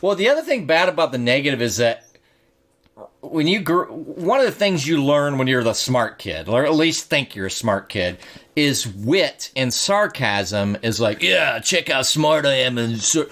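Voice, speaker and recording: A man's voice: medium pitch, normal speed. A man co-hosting a casual podcast, joking around and acting out little quips. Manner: joking, animated, acts out quips. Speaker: podcast co-host.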